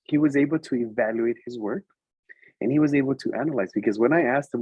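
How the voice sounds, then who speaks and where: Husky-voiced man telling a classroom story. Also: mid-range voice, fast, dry recording, lo-fi sound. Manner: animated, switches between English and Spanish. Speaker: preschool teacher presenting to educators. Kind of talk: storytelling presentation.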